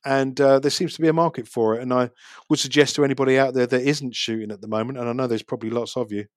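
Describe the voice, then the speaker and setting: A man's voice: mid-range voice, steady tone, fast, no echo, studio quality. A man, talking casually about street photography and city life, chatty with frequent restarts. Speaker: street photographer, podcast guest. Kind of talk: casual chat.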